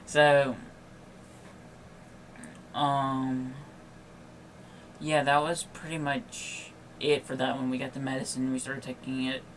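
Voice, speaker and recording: A man's voice: mid-range voice, monotone, slow pace, pauses often, a bit bright, a little hiss or hum. A tired, yawning young man telling a personal story on his podcast in a rambling, casual way, full of likes and restarts. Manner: rambling, filler-heavy with many likes and restarts. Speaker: podcast host.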